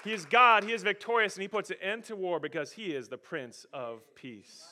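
A man pastor preaching a sermon, animated and emphatic, rising and falling in volume. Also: high-pitched, brisk.

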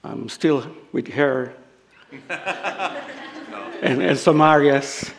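An older man from El Salvador with a Salvadoran Spanish accent, a native Spanish speaker preaching a sermon in halting English, humorous and self-deprecating, laughing often. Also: mid-range voice, fairly even intonation, a crowd in the background. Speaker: guest preacher.

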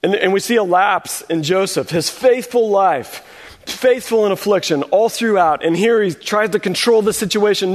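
A man's voice: high voice, moderate pace, in a large hall. A man preaching a sermon in a conversational way, acting out short quoted voices of the people in his story. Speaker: pastor.

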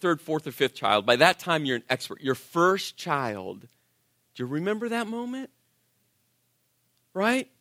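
A man preaching a sermon, telling stories with acted-out voices and sinking to quiet intensity. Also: sits high, dry recording, clean studio sound. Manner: animated storytelling, acts out voices, drops to quiet intensity. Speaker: pastor.

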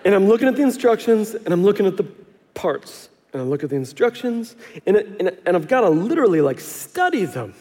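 A male pastor in his thirties delivers a sermon with animated storytelling, acting out what people said and poking fun at himself. His voice sits high for a man. The sound carries a long reverb, like a large church sanctuary. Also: a little fast. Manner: animated storytelling, acts out quotes, self-deprecating humor.

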